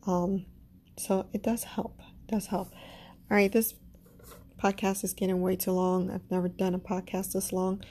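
A woman with a Caribbean accent hosting a podcast, leading spiritual affirmations slowly and calmly and saying each one twice, sometimes dropping to a soft whisper. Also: mid-range voice, slight background noise. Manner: slow, calm, repeats each affirmation twice. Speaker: podcast host.

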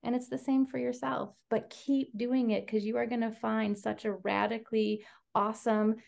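A woman's voice: a little high, normal speed, vocal fry. A woman researcher who studies education, speaking in an earnest, casual interview manner and using a lot of "like" fillers. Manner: earnest, filler-heavy, says "like" often; animated storyteller. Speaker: education researcher, podcast guest.

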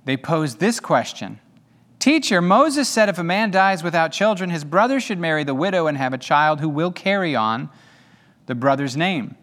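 Male pastor, high and very expressive voice, chatty preaching with jokes, reverberant hall. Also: normal speed. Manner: animated and conversational, with humorous asides. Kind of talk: sermon.

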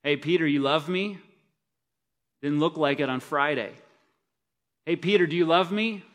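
A man preaching voices Jesus as a gentle man questioning a disciple, in conversational acted-out dialogue. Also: medium pitch, normal speed, close to an everyday voice. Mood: teasing.

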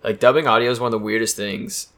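Young male co-host, lowish pitch, bright edge, talkative. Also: fairly even intonation, fast. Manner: opinionated, chatty, many "like" fillers. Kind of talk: casual chat.

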